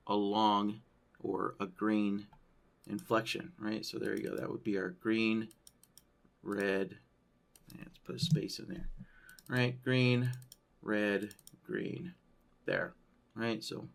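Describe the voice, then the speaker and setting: A man walking through a trading-software tutorial on a screen share, thinking aloud and checking in with "right?" as he goes. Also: lowish voice, gravelly. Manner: loose, thinking aloud, frequent "right?" tags. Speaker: software trainer.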